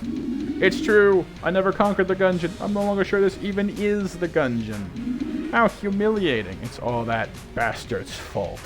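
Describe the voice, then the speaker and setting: A disgraced old knight, resentful and lofty, his voice pushed noticeably higher than a plain speaking voice, as a man puts him on. He lingers theatrically over his complaints. Game music plays clearly behind him. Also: animated, a little slow. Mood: indignant, then bitter.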